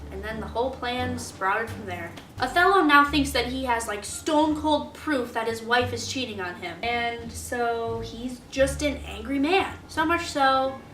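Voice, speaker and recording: A woman's voice: fairly high pitch, a bit bright, distant mic, slight background noise. A young woman student retelling a play's plot in a casual, chatty way, full of fillers. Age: young adult. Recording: roomy echo, faint music.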